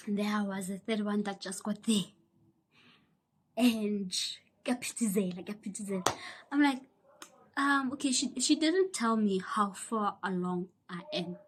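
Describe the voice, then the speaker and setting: A young South African woman telling a personal story in a casual, animated way, acting out the people she quotes and sometimes dropping into a whisper. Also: medium pitch, a little hiss or hum. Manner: animated, acts out quoted voices, drops into whispers. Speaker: YouTuber.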